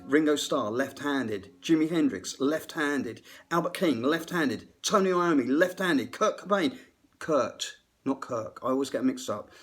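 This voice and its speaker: A middle-aged man, a musician, ranting unrehearsed between bits of playing, rambling, self-deprecating and swearing freely. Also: a little high. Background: faint guitar playing.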